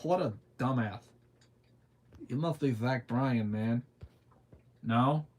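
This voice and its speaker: A young man with a relaxed Southern drawl reads out and answers his chat in a loose, easygoing live stream. His voice sits at an ordinary middle pitch, and he talks in an unhurried way with frequent laughter. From southern United States. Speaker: livestreamer.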